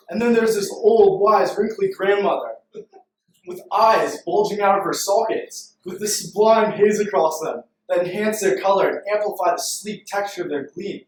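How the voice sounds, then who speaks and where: A young man from Canada giving a playful, self-deprecating story-driven pitch presentation to a room. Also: recorded from a distance. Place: room full of people. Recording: echoey room recorded from afar.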